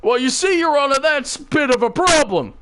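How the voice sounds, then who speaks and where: A man voicing an angry young man who storms into a courtroom, shouting high-pitched outbursts. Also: animated, a little fast. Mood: indignant, shouting.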